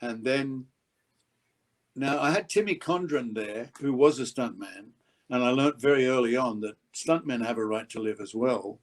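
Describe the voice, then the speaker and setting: An older man, an actor being interviewed, telling behind-the-scenes stories and acting out quotes with sudden loud outbursts. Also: mid-range voice, moderate pace, low-quality recording. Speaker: actor guest. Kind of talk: anecdotal interview storytelling.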